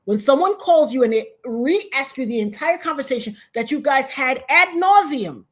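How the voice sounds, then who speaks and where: A woman's voice: sits high, animated, normal speed. A woman being interviewed who tells her story in a blunt, emphatic, profane way. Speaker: guest.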